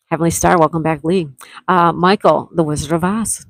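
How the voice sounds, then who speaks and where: Chatty woman livestream host, lowish voice. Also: fairly even intonation, moderate pace, no room sound, poor audio. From Florida, USA. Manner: chatty, greets viewers by name, reads their comments aloud. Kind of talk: casual chat, reading live chat aloud.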